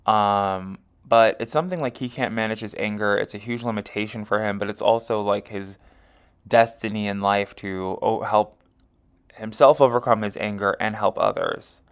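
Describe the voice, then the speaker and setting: Speaking at normal speed in a clean, low-leaning voice, an astrology and tarot reader talks through a chart. His delivery is casual and meandering, packed with "um"s and "you know"s and frequent self-corrections.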